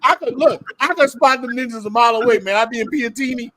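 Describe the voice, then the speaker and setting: An American man hosting a livestream group chat, telling animated, slangy stories and laughing often. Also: very high-pitched, fast talker, no room sound. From United States. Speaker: livestream host.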